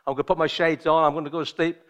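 Bossy worn-out businessman on a plane, brisk and demanding, a preacher acting him out. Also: on the high side, level tone, a bit bright, highs cut off, lightly acted.

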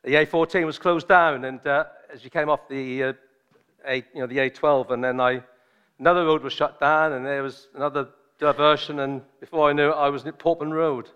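A man preaching a sermon, joking and chatty with his congregation at first, then slow and solemn. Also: on the high side, fairly even intonation, fairly bright tone, smooth, lo-fi sound. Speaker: visiting preacher.

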